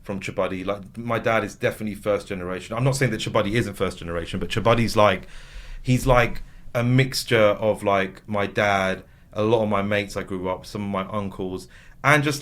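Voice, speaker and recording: A man, chatting casually as an interview guest and telling lively stories. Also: fairly low pitch. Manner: animated storytelling with voiced impressions. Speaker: comedy actor and writer, guest.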